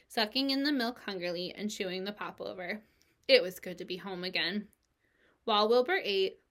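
A woman reading a children's novel aloud as narrator, expressive and lively. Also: mid-range voice. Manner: expressive, lively character voices.

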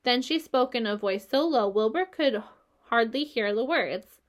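A woman reading a children's novel aloud, telling the story in a measured, gentle way. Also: a little high, expressive. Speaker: reader.

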